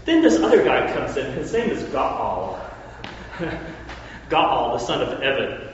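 A man's voice: medium pitch, wildly swooping pitch, takes it slowly, a little hiss or hum. A man preaching a sermon, retelling a story in a conversational way with joking asides. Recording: echoey hall, far from mic, dull.

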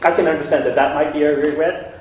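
A man's voice: fairly high pitch, steady tone, fast talker, slight background noise. A man teaching a conversational Bible study lesson. He asks his listeners questions and often checks that they are following. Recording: echoey room, distant dull mic.

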